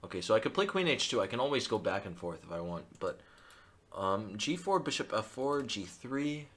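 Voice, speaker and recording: A male chess streamer thinking aloud through his live game, excitable and self-mocking. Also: fairly low pitch, moderate pace.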